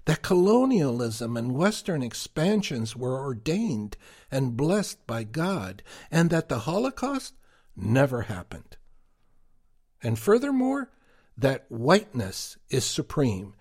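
A man co-hosting a podcast, giving prepared commentary in a deliberate, emphatic way. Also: medium pitch, a little mellow. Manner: slow, deliberate, emphatic delivery. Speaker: podcast co-host.

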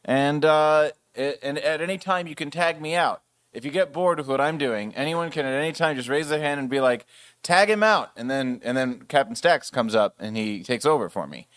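Relaxed man presenting at a meetup. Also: mid-range voice, a little fast, no echo. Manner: relaxed, rambling, with fillers. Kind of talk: casual presentation.

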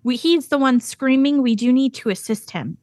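A woman's voice: sits high, moderate pace, darkish tone, no room sound. Woman player, dry close sound. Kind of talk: casual play.

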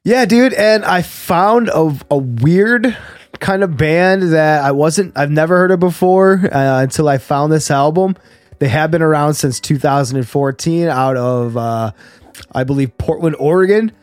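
A man's voice: fairly high pitch, unhurried, no room sound. A man co-hosting a casual podcast, jokey and profane, laughing often as he talks about movies and metal. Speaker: podcast co-host. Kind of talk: casual chat.

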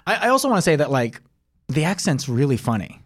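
A man's voice: fairly high pitch, very animated, fast talker. A man in his forties, a comedian guest chatting loosely on a podcast, full of fillers and asides. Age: 40s. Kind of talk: casual podcast chat.

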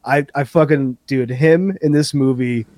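A man co-hosting a casual movie podcast, excited, swearing often and laughing a lot. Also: mid-range voice, a little slow. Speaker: podcast co-host.

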